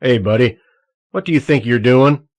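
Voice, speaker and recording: A man voicing a huge, gruff male security guard who talks loudly and confrontationally in an audiobook. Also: fairly low pitch, normal speed, lightly acted. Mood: challenging. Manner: loud and confrontational.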